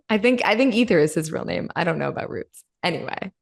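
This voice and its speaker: A woman hosting a podcast, telling a story in a casual chat, lively, acting out the voices in it and swearing freely. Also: on the low side, brisk, gravelly. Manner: animated, acts out quoted voices, swears freely. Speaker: podcast host.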